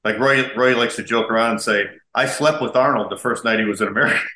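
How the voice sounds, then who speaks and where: A man hosting a podcast, telling stories in a casual, animated way and laughing often. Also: mid-range voice, moderate pace. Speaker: podcast host. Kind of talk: casual interview chat. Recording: echoey room with faint ambience.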